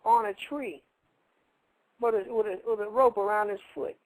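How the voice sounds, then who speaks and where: A man's voice: high-pitched, fairly even intonation, moderate pace, no echo, rough recording. A man co-hosting a radio show, telling a story casually in a rambling, colloquial way and repeating his phrases.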